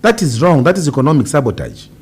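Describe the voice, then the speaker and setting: A man's voice: fairly high pitch, big pitch swings, fast, darkish tone, slightly rough. A Zambian man, a politician, answering radio interview questions in an impassioned, emphatic way with rhetorical questions. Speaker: politician guest.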